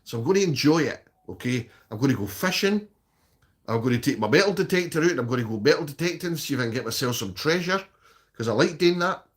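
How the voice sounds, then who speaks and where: A man's voice: medium pitch, expressive, quick pace. Blunt sweary Scottish man. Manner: blunt and sweary, tags "okay?" onto sentences. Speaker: live streamer. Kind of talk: casual chat answering viewer comments.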